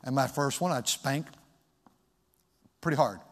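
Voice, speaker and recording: Loud preaching man in an echoey hall. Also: medium pitch, measured pace, slightly rough. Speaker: pastor. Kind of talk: sermon.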